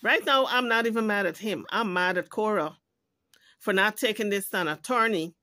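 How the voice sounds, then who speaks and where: Her voice is mid-range, pushed and bright, moving at normal speed with no echo. She hosts a YouTube commentary video, ranting with indignation, scolding, and swearing frequently throughout the heated rant.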